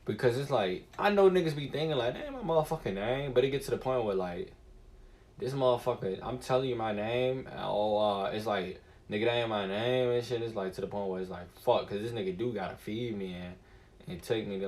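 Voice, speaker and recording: A man's voice: on the low side, a little hiss or hum. A man streaming a casual, rambling monologue, cursing freely as he muses aloud. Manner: profane, animated and musing.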